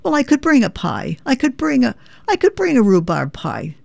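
A woman's voice: fairly high pitch, huge pitch swings, normal speed, gravelly, darkish tone, no echo, pitched above the performer's own voice, full character voice. A woman voicing an older Irish immigrant mother and widow who frets, hesitates and is shy of strangers, with an Irish accent. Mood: fretful. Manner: hesitant, fretful, repeats herself.

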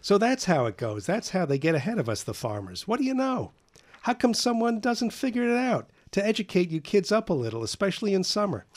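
A man voicing a gruff, nosy male building janitor who scolds loudly. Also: high voice, sing-song, fairly quick, voice pushed up. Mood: scolding. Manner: blunt, scolding, loud.

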